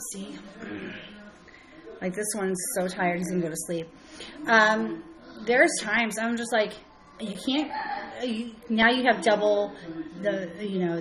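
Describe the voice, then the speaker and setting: A mother chatting casually on a live stream from home, rambling and halting with many restarts, breaking off to greet viewers by name. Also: on the high side, rough recording. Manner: greets chat viewers by name mid-sentence. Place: at home with her young children nearby.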